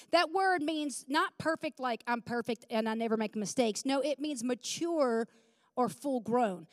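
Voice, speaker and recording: High-voiced woman preaching a sermon. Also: no echo, clean studio sound. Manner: emphatic, conversational, asks the congregation questions.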